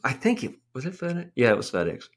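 A man on a casual podcast, telling a story in an animated, exasperated way and swearing freely. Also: mid-range voice, fast. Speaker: podcast host.

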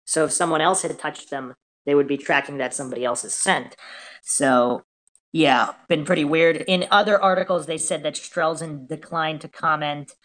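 A woman with a fairly low, slightly bright voice hosts a casual true-crime podcast, speaking at normal speed with fairly even intonation. She reads reports and posts aloud, then skeptically questions and picks them apart, often turning to her co-host with questions.

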